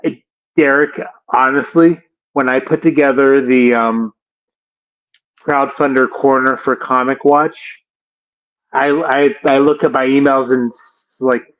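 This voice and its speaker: A man hosting a casual interview, who talks in a halting way with frequent restarts. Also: medium pitch, fairly even intonation, dull audio. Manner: halting, many fillers and restarts. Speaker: interview host.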